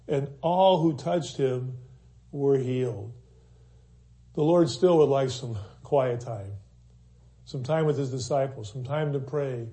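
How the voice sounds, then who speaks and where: A man's voice: on the high side, warm tone. A man preaching a sermon in an earnest way, repeating key phrases for emphasis.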